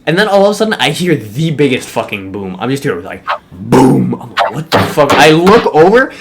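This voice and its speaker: A man's voice: medium pitch, brisk, creaky, a little hiss or hum. A young man casually telling a funny school story, swearing often and laughing as he goes. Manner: animated, profane, laughs while telling.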